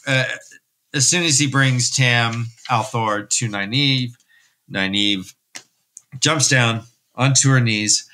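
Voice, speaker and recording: A man hosting a podcast, recapping a story in an animated, rambling, jokey way. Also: medium pitch. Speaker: podcast host.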